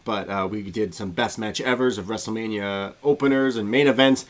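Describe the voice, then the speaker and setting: A man's voice: fairly low pitch, a little fast. A man co-hosting a live podcast stream, chatting casually and joking with frequent laughter. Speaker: podcast co-host.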